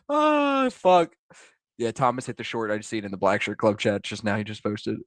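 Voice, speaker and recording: A man's voice: fairly low pitch, level tone, fast, dry recording. A man hosting a live day-trading stream, talking casually and joking, swearing freely as he reads the market.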